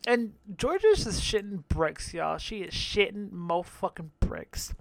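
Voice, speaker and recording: A man's voice: sits high, very animated, a little slow, vocal fry, no room sound. A man hosting a podcast, recapping a reality show in a brash, profane, gossipy way with frequent laughter. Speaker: podcast host.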